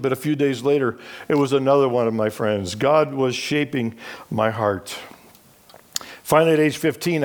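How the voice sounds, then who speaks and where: A middle-aged man, a charity president, giving an earnest, emotional personal talk that slows down on heavy moments. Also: on the high side. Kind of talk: personal storytelling speech.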